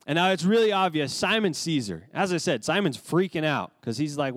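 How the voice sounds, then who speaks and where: A man's voice: on the high side, expressive, a little fast, hardly any pauses, dry recording. A man preaching a sermon as pastor, in a conversational way with casual asides.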